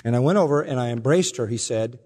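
A man preaching a sermon, telling stories earnestly and slowing down for the emotional parts. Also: mid-range voice, animated. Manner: earnest storytelling, slows and softens for emotional quotes. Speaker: pastor. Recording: long reverb from a large hall.

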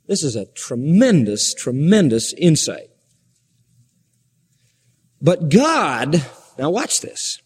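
A man's voice: a little high, big pitch swings, slow pace, slightly rough. Guy preaching, voice jumps all over, lots of big questions, long hall echo behind him. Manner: emphatic, rhetorical questions, shifting pace. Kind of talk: sermon.

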